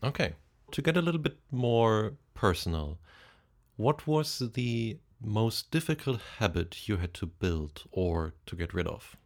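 A man with a very low voice leads an interview. He asks short questions and sums up the guest's points before moving on. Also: big pitch swings, measured pace. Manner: brief, summarizing questions.

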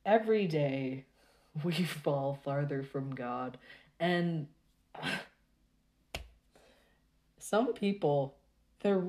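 A woman talking casually to her viewers in a rambling, exasperated rant full of halting restarts. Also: low voice, animated, dark tone.

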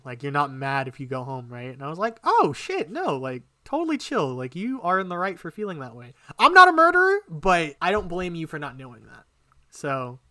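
A young man casually telling a personal story on a podcast, animated and emotional, swearing often. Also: mid-range voice, dry recording. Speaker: podcast co-host.

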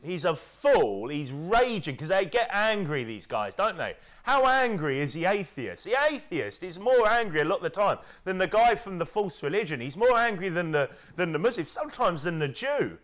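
A British man preaching a sermon, with lively delivery, stammered restarts and mocking impressions. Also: high voice, normal speed, hardly any pauses. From United Kingdom.

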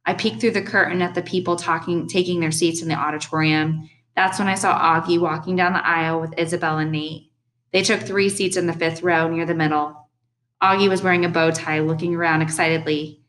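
A young adult woman reading a first-person audiobook in a steady, earnest storytelling manner. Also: lowish voice, a little fast, poor audio. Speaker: audiobook narrator.

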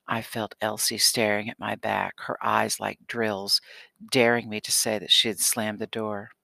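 A man reading a children's novel aloud in a steady, expressive voice. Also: fairly low pitch, a little slow, vocal fry, no echo. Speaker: audiobook narrator. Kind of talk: scripted audiobook narration.

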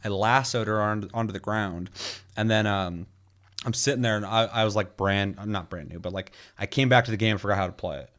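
A man's voice: fairly low pitch, a little fast, fairly bright tone. A man chatting casually about a video game, loose and rambling, with lots of filler words and frequent swearing.

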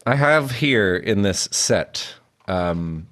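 A man's voice: lowish voice, expressive, extremely slow, fairly bright tone. A young man co-hosting a casual film commentary chat, rambling with lots of fillers and frequent giggles. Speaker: podcast co-host.

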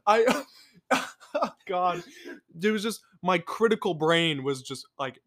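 Animated, high-voiced young man on a podcast. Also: slow. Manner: animated and critical, swears freely. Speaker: podcast co-host. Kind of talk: casual chat.

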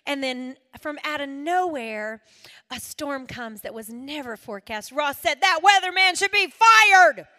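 A middle-aged woman giving a devotional talk to women, telling a story dramatically with shouted peaks and laughter. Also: high-pitched. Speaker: women's ministry speaker. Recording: long hall reverb.

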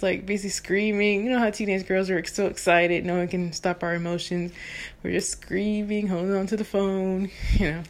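A woman in her thirties from Texas, a soprano singer, telling a personal story in an animated, chatty way with lots of fillers. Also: fairly low pitch, vocal fry. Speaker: vlogger. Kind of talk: casual storytelling.

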